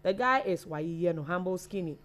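A woman's voice: lowish voice, animated, brisk, over music. A Ghanaian woman co-hosting a live online chat show, chatting as she reads out viewer names and messages. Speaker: co-host reading viewer comments.

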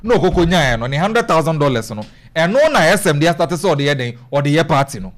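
Animated man hosting a chat. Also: a little high, fast. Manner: animated, emphatic, directs the producer. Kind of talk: casual radio-style chat.

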